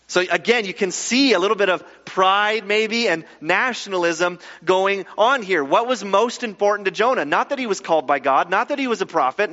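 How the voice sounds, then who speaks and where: A man preaching a sermon, reading scripture aloud and then explaining it with lively, casual asides. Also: high-pitched, moderate pace, hardly any pauses. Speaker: pastor. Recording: muffled echoey hall.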